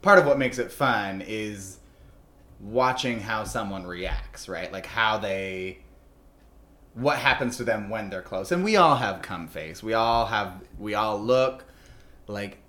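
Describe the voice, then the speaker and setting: A man's voice: on the low side, takes it slowly, bright, forceful tone, roomy sound. Man, 30s, podcast host. Frank, jokey, loose delivery. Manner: frank, joking, lots of fillers. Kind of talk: casual podcast chat.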